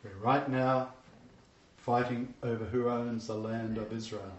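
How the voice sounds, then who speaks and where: A man's voice: mid-range voice, little pitch movement, normal speed. Man reading scripture and commenting emphatically, far off, lots of room echo. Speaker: Bible lecturer. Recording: echoey, distant, dull-sounding room.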